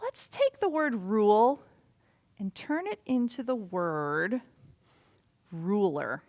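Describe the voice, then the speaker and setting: A woman teaching a children's Bible lesson in animated storytelling that sometimes drops to a loud whisper. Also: mid-range voice, slow pace.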